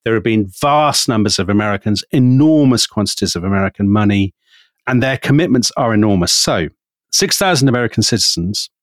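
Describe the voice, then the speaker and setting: A British man co-hosting a podcast, telling a history story in an animated way. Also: fairly low pitch, a little fast, no room sound. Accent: British English. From Britain. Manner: animated, storytelling, quotes figures with emphasis. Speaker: podcast co-host.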